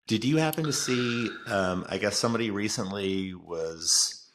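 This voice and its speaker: A man with a very deep voice co-hosts a casual podcast. He chats loosely and reads out listener picks. His sentences often trail off midway. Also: moderate pace, fairly bright tone. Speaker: podcast co-host. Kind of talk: casual news chat.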